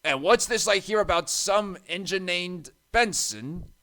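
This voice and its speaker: Guy doing a grumpy crane, loud and snappy, bossy. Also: high voice, lively intonation, a little slow, pitched above the performer's own voice, exaggerated voice. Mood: snappish.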